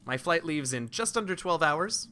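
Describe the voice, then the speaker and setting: Joking guy streaming a game, bright kinda high voice, faint music behind. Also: normal speed. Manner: joking, self-deprecating, animated. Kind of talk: casual let's-play chat.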